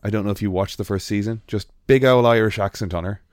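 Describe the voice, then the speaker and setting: A man's voice: fairly low pitch, quick pace, no room sound, studio quality. A man co-hosting a podcast in casual chat, rambling with frequent ums and restarts. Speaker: podcast co-host.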